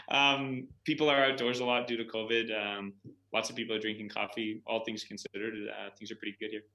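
A man's voice: lowish voice, little pitch movement, normal speed, pushed and bright. A man, a guest on a podcast interview, easygoing and prone to repeating his words. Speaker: guest, coffee roaster. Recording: roomy echo.

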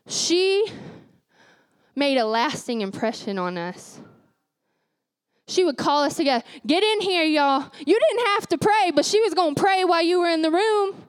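Brief: young woman preacher, high voice, dry close sound, emphatic repeats. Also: dry recording. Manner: emphatic, repeats key phrases, laughs at herself. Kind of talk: sermon.

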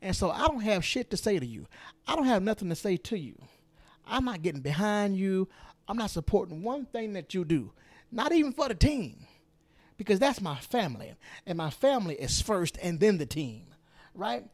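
Man, podcast host, political monologue, emphatic, repetitive, animated pitch. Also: moderate pace. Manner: emphatic, repeats phrases for stress, swings between loud and hushed.

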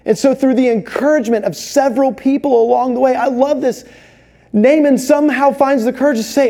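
High-voiced, mellow male pastor preaching. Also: brisk. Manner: animated storytelling, acts out voices in quotes. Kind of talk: sermon.

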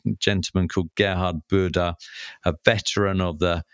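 A man's voice: low-pitched, level tone, a little fast, a bit bright, clean tone, no echo, clean studio sound. A man co-hosting a podcast, talking casually and hesitantly with many fillers and restarts. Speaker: podcast co-host. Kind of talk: casual conversational chat.

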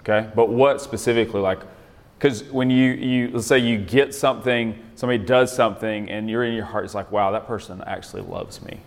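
A man's voice: medium pitch, fairly even intonation, fairly quick, in a large hall. A man leading an interactive Bible lesson in a conversational way, often quizzing his listeners with questions. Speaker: Bible study leader.

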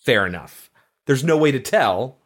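A man hosting a casual podcast chat about a horror film, chatty and quick to laugh. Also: mid-range voice, expressive. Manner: conversational, quotes film lines, laughs easily. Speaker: podcast host.

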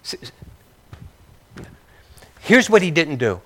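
A man's voice: on the high side, animated, normal speed, a bit bright. A male pastor preaching a sermon in a conversational way, with joking, apologetic asides to his congregation.

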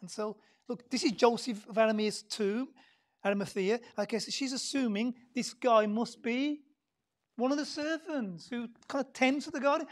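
Woman preaching, hushed then emphatic. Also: a little high, moderate pace. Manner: conversational, swings between hushed near-whispers and loud emphatic bursts; repeats words and adds many fillers while thinking aloud. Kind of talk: Easter Sunday sermon.

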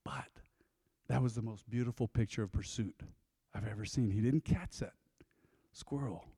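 A male pastor giving a sermon, an animated storyteller who acts out scenes, speaking in a church sanctuary. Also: lowish voice, moderate pace, slightly rough. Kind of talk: sermon with personal anecdotes. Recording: long church hall reverb.

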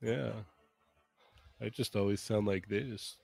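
A man's voice: on the low side, fairly even intonation, takes it slowly, creaky, a little mellow, breathy edge. A man hosting a casual live stream on a home studio mic, upbeat, laughing often and giving tech tips. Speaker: podcast host.

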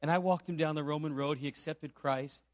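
A man's voice: fairly high pitch, steady tone, fairly quick, no room sound, clean studio sound. A man from Puerto Rico preaching a sermon, telling a story and asking the congregation rhetorical questions. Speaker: pastor.

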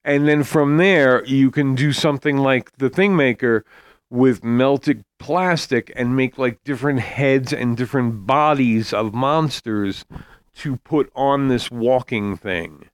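A man co-hosting a podcast, explaining things at an unhurried pace with examples in a casual chat. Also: medium pitch, clean tone, no room sound, clean studio sound. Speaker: podcast co-host.

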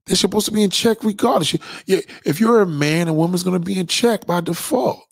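A man's voice: sits high, fairly quick, creaky, dry recording, studio quality. A man hosting a blunt, profane ranting monologue to his viewers. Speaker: host.

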